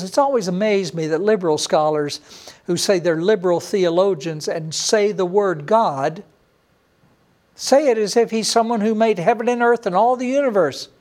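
A man pastor teaching a sermon, emphatic, slowing down and repeating key words to drive a point home. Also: high voice, darkish tone.

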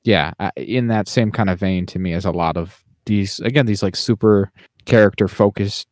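Speaking at a moderate pace in a fairly low voice, the male co-host chats loosely on his podcast, rambling, using lots of fillers and starting over often. It's a dry, clean studio recording.

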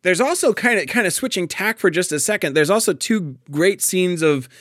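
A man's voice: sits high, expressive, normal speed, a bit bright, dry recording, clean studio sound. A man in a casual, thoughtful discussion of a play, often restarting his sentences and laughing lightly.

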